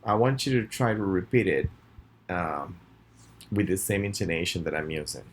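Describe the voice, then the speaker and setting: A man with a Spanish accent teaching English pronunciation in a recorded lesson, reading example sentences slowly and clearly for students to repeat. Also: low-pitched.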